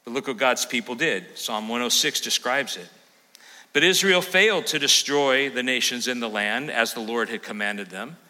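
Animated preacher with a bright voice. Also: male voice, medium pitch, big-room sound, low-quality recording. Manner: animated, acts out scripture voices. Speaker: pastor. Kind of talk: sermon. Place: church sanctuary.

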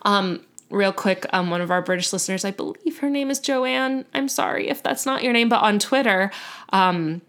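A woman's voice: mid-range voice, lively intonation, moderate pace, a bit bright. Woman, podcast co-host, casual storytelling, filler words, self-correcting. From United States.

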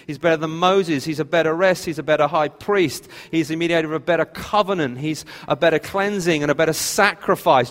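Man preaching, thirties, fairly high voice, chatty self-mocking tone, long hall reverb. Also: a bit bright. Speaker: pastor. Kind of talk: sermon. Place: church hall.

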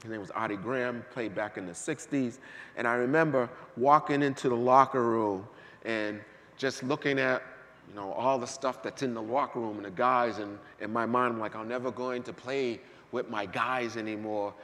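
A man preaching a sermon, swinging between hushed asides and shouted peaks in a church sanctuary. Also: medium pitch, moderate pace. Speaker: pastor. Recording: long hall reverb.

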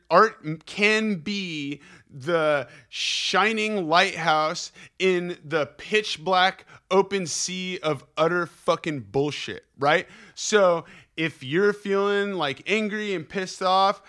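A young man delivers a casual podcast monologue, cursing freely and rambling like a pep talk. His voice sits high for a man, with a bright, forceful edge. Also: takes it slowly. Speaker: podcast host.

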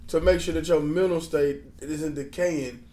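A man's voice: a little high, fairly even intonation, normal speed, dark tone. A man talking bluntly in a casual chat, swearing freely and rambling with restarts. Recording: roomy echo, faint background noise.

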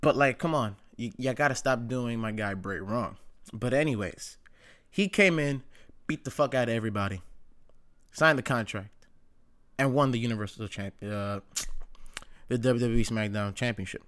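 A man's voice: mid-range voice, normal speed, long pauses, fairly bright tone. A man hosting his own show, chatting casually and opinionatedly, with lots of "like", slang and swearing. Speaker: wrestling commentary host. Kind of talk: casual chat.

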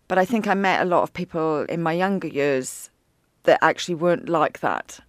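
A woman hosting a casual interview podcast, bubbly, with quick asides and frequent laughter. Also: low-pitched, dry recording, studio quality.

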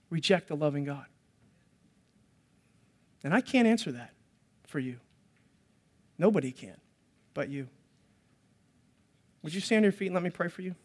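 A male pastor preaching an impassioned sermon, building to loud pleading and then dropping to a soft, quiet prayer. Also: a little high.

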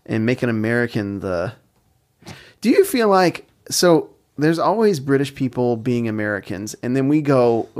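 A man's voice: medium pitch, very animated, normal speed, a little mellow. A young adult man co-hosting a casual podcast chat, rambling and laughing often mid-sentence. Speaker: podcast co-host.

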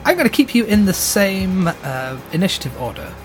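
A man running a tabletop game as game master, narrating scenes at a measured pace with frequent fillers. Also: sits high, big pitch swings, soft background music.

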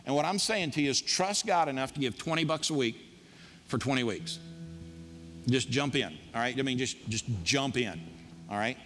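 A man's voice: medium pitch, moderate pace, a bit bright, long reverb tail. A man preaching to his congregation in an emphatic, punchy style, with lots of repetition. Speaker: pastor. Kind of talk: sermon. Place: church sanctuary.

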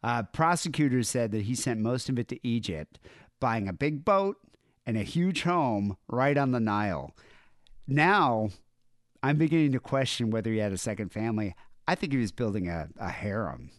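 A man's voice: medium pitch, animated, moderate pace, dry recording. A man co-hosting a podcast, chatting casually and joking his way through a news story. His voice sits mid-range and is recorded close and dry, with no room sound at all. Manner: joking, irreverent, laughs often. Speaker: podcast co-host. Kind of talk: casual chat retelling news stories.

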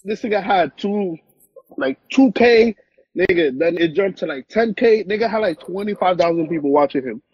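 A man's voice: high-pitched, expressive, normal speed, slightly rough, no echo, dull audio. A young man co-hosting a podcast over a phone live stream, talking in a brash, profane, emphatic way. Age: young adult. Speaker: podcast co-host. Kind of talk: casual chat. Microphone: phone on an Instagram live stream.

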